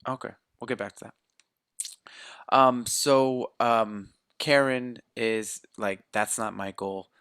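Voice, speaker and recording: A man's voice: medium pitch, fairly even intonation, slow, fairly bright tone, clean tone, dry recording. A man co-hosting a casual movie review podcast, rambling and searching for words, with the odd swear. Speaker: podcast co-host.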